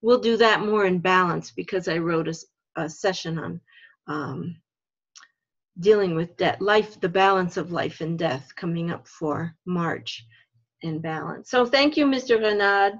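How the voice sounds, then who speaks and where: A woman leading a religious education workshop, explaining ideas slowly and thoughtfully, step by step. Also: fairly low pitch, lo-fi sound. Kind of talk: workshop talk for teachers.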